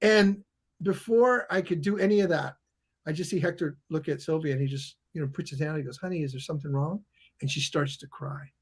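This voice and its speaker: A man's voice: on the high side, fairly quick, husky. A middle-aged man, a guest coach and author, telling a story in conversation and acting out the people in it. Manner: animated, acts out the people in his stories.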